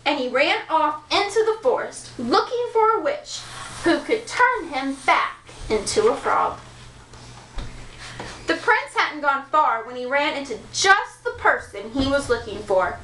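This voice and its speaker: Woman reading a kids story, high bright voice, far off in an echoey room, light hiss. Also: unhurried. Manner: playful, expressive narration.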